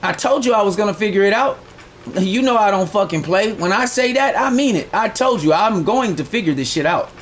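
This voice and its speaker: A man livestreaming a game, chatting casually in a boastful, profane, slangy way that gets loud when excited. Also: high-pitched, fairly quick, a little hiss or hum. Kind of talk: casual live-stream chat.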